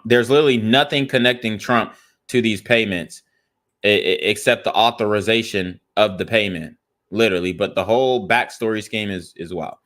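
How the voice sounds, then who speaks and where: A man's voice: lowish voice, fairly bright tone. A young man hosting political reaction commentary, angrily reading viewer comments and a news article aloud with frequent profanity. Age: young adult. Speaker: commentary channel host.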